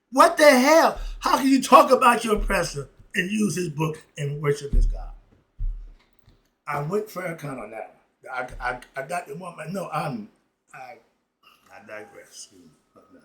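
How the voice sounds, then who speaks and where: Guy ranting solo on his channel, kinda high voice, gets loud and fiery then mutters to himself. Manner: fiery and emphatic, swings from loud outbursts to muttered asides, laughs between points. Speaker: commentary vlogger. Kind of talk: unscripted opinion monologue.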